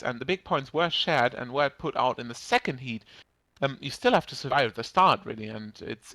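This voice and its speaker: Man from Germany, English, co-commentator, hesitant, analytical, bright tone, dry sound. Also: mid-range voice, no room sound. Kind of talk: live sim racing commentary.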